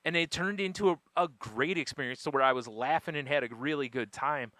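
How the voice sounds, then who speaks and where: A man co-hosting a podcast, telling a funny everyday story in a casual, animated way and laughing often as he goes. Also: fairly high pitch, a little fast, no room sound. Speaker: podcast co-host.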